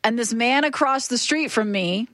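A woman hosting a morning radio show, telling stories in a chatty, animated way. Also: a little high, moderate pace. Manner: chatty, animated storytelling with laughter. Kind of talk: casual radio chat. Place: radio studio. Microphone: studio microphone.

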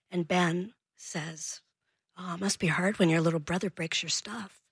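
A woman, a parenting expert, telling an animated story as a guest in a radio interview, acting out the voices in it. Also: lowish voice, normal speed, husky, no echo, studio quality. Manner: animated, acts out dialogue in her story.

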